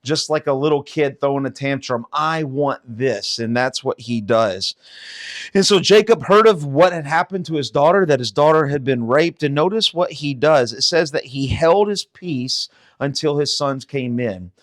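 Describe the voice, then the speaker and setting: A man's voice: a little high, moderate pace. A man giving a casual daily Bible teaching, talking conversationally with frequent fillers and rhetorical questions.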